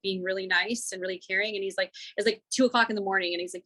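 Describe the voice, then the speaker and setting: A woman's voice: medium pitch, fairly even intonation, quick pace, bright, forceful tone, rough recording. A woman guest, a coach, talking candidly in a rambling way with lots of filler words in a casual podcast conversation. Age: adult, single mother.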